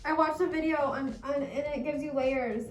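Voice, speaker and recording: A high-voiced woman talks to the camera in a breathless, excitable way and keeps repeating herself. She is recorded at home from some distance, and the room is echoey. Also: moderate pace, soft background music. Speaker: vlogger. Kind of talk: live reactions to the camera.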